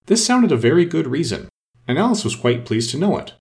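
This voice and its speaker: A man reading a storybook aloud as narrator in an expressive, animated way. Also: on the high side, fairly quick, creaky.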